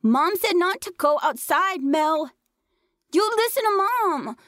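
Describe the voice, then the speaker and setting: A woman's voice: very high voice, lively intonation, slow pace, fairly bright tone, no echo, clean studio sound, voice pushed up, exaggerated voice. A woman voicing a frantic six-year-old boy who shrieks and pleads for help. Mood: panicked pleading.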